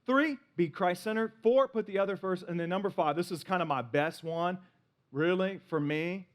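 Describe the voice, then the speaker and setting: A man preaching a sermon in an animated, playful way, acting out little voices as he goes. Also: sits high, normal speed. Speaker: pastor.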